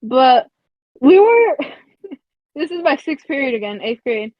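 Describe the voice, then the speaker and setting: High-voiced woman telling a casual story. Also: sing-song, takes it slowly, dry recording. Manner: casual, profane, laughs between phrases, many fillers like "like". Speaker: podcast co-host. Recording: dull lo-fi dry recording.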